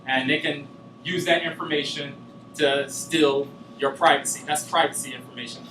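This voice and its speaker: A man's voice: a little high, steady tone, normal speed, echoey room, far from the mic, noisy background. A man giving a class presentation, talking loosely with many filler sounds. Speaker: student giving a class speech.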